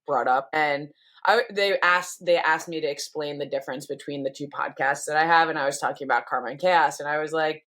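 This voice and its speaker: A woman's voice: low-pitched, fairly even intonation, moderate pace, a bit bright. A woman co-hosting a podcast in casual chat, rambling with lots of fillers. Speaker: podcast co-host.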